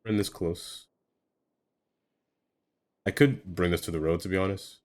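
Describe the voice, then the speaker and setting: Streamer, male, very low pitch, loose rambling self-talk while gaming. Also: fairly even intonation, measured pace, darkish tone. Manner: rambling, self-talking, trails off with fillers. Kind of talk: casual live-stream commentary while building.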